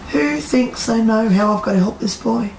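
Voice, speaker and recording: A woman's voice: on the high side, moderate pace, gravelly, darkish tone, slight background noise. Chatty woman telling a story. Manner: chatty, quotes people in acted voices, asks the audience questions. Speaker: psychic medium speaker. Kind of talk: storytelling talk to a live audience. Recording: echoey room with faint ambience.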